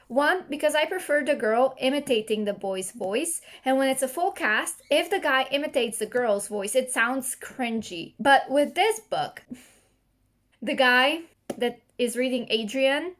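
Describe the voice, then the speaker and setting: A young woman talking straight to her own camera in a loose, chatty vlog rant. Her voice sits a little high. She gets animated as she complains, and laughter keeps slipping into her words. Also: measured pace. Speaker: book vlogger.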